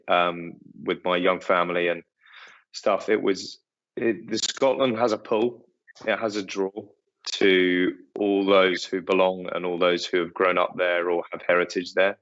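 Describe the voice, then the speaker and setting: A middle-aged man answers interview questions, pausing often and restarting his sentences. His voice is very low and keeps to a flat, even line. The sound is dull and muffled. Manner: hesitant, full of ums and restarts. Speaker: estate owner, interview guest.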